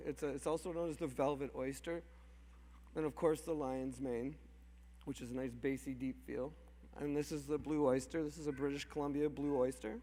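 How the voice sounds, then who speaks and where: With a slightly high, darkish voice and a little hiss or hum on the recording, a Canadian mushroom farmer speaks emotionally and off the cuff to a crowd. Long reverb from the large hall surrounds his rambling, restarted sentences and small laughs.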